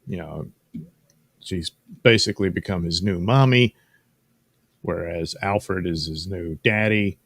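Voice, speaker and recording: Gravelly low-voiced man recapping comics. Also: unhurried, pauses often, a bit bright, dry recording. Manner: rambling, folksy, wry asides. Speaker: comic book reviewer and show host. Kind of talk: casual comic book recap.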